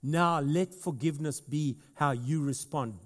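A man's voice: mid-range voice, moderate pace, a little mellow. South African man preaching in a reverberant hall. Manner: conversational preaching, rising to emphatic passages. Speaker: pastor. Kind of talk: sermon.

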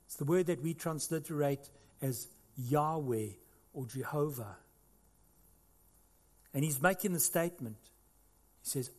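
A man's voice: fairly high pitch, unhurried, pauses often, big-room sound. A man preaching a sermon to his congregation in a church, earnest and conversational. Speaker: pastor. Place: church hall.

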